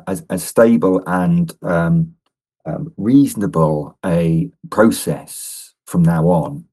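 A man from a think tank, a guest on a live radio interview, speaking in a thoughtful, measured, lightly wry way. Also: deep voice, darkish tone.

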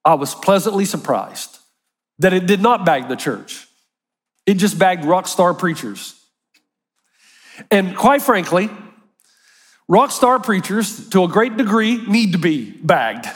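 High-voiced pastor preaching in a reverberant hall. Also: male voice, slow, pauses often, slightly rough. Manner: animated preaching, acts out quoted voices. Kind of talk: sermon.

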